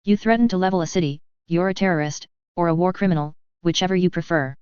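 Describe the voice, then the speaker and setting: A woman's voice: on the low side, quick pace, a little mellow, clean tone, no room sound, muffled recording, close to an everyday voice. A woman voicing a brutal male soldier interrogator with a growling, threatening manner in a story reading.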